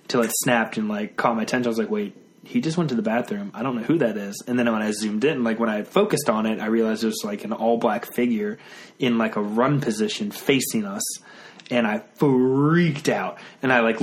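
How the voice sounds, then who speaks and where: A young man in his twenties casually telling a story, rambling with many fillers. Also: mid-range voice. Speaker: podcast guest.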